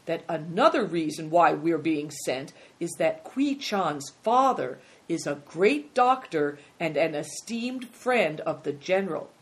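A woman reading a storybook aloud and voicing a steady, earnest young boy who sounds a little wise. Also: sits low, measured pace, hardly any pauses.

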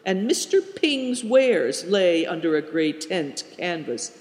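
A man narrating a storybook in a measured way. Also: high-pitched, sing-song. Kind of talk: audiobook narration. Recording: roomy with a long reverb.

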